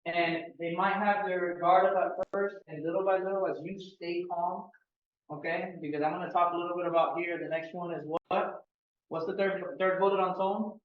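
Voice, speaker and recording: Leading a sales team training, a Miami real estate sales trainer keeps things casual and jokes with the room. His voice is high and steady at a moderate pace. The audio sounds roomy, distant, and dull, like a meeting room.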